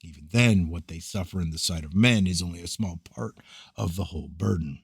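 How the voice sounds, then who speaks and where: A man with a deep voice reads an ancient scripture aloud, slow and grave like a prophet's address. His delivery is measured and declamatory. The sound is dry, with no room echo. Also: creaky, breathy edge. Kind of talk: solemn scripted reading of scripture.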